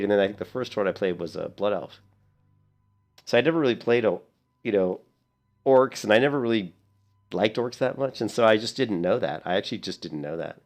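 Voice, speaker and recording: A man in his thirties, a streamer telling a rambling, animated story in casual gameplay commentary. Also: on the low side.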